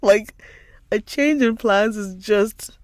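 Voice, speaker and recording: A woman host rambles through everyday stories in easy, casual chat. She laughs often and her voice lifts when she gets excited. Her pitch sits in the middle, and the sound is close and dry. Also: slow pace, dry recording. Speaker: book channel host.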